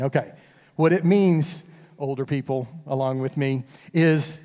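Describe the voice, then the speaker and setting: A man's voice: a little high, normal speed, mellow. Man preaching in a big reverberant hall. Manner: conversational preaching, addresses the congregation directly. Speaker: pastor. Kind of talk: sermon.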